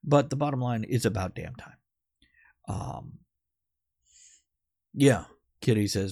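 A man's voice: fairly low pitch, slow pace, gravelly, pauses often, darkish tone, no room sound, studio quality. A man hosting a podcast in casual, rambling chat who swears now and then. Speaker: podcast host.

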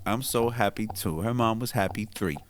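A man's voice: lowish voice, normal speed, a little hiss or hum. A man in his thirties co-hosting a casual chat, telling slangy stories and laughing through the punchlines. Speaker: podcast co-host.

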